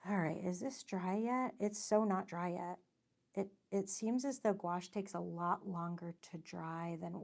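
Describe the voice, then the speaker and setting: A woman's voice: mid-range voice, gravelly, dark tone. A woman hosting a casual painting livestream, chatting in a friendly, self-deprecating way and reading viewer comments aloud. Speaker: livestream host and watercolor artist.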